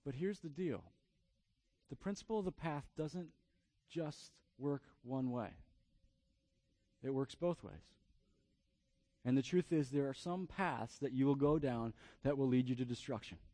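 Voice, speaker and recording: A man in his thirties, a pastor preaching a sermon through a family story, often repeating words in quick bursts. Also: mid-range voice, mellow, no echo.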